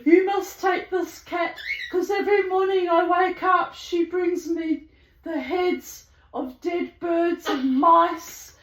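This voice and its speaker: A man's voice: very high-pitched, steady tone, slow pace, fairly bright tone, roomy sound, recorded from a distance, pitched above the performer's own voice, full character voice. A woman voicing a big, easily frightened male neighbour who talks in a nervous, pleading way. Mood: earnest.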